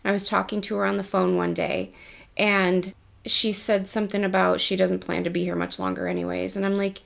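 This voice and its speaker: A woman's voice: medium pitch, little pitch movement, fairly quick, creaky. A woman coach telling personal stories in a casual vlog, candid and chatty with casual slang. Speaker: life coach.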